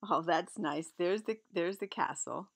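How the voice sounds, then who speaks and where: Slow, low-voiced woman reading a storybook. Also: creaky. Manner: gentle, with chatty asides about the pictures. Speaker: reader. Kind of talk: reading a picture book aloud.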